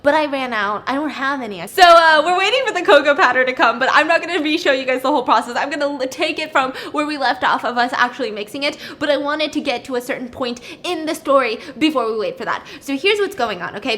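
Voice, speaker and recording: A woman's voice: on the high side, slight background noise. A young woman casually retelling a story while baking for her vlog, acting out the characters and laughing often. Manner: animated, voices the characters in quotes, laughs often.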